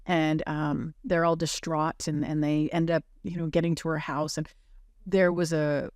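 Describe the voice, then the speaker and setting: A woman on a podcast telling a moving personal story in an earnest, halting way, with many fillers and restarts. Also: sits low, level tone, a little mellow, dry recording, studio quality.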